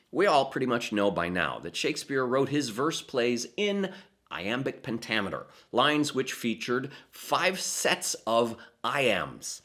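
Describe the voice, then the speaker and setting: Male presenter, mid-pitched voice with a lot of melodic movement, measured and emphatic, reading a prepared talk. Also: fairly bright tone. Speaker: theatre presenter. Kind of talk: scripted explanatory narration.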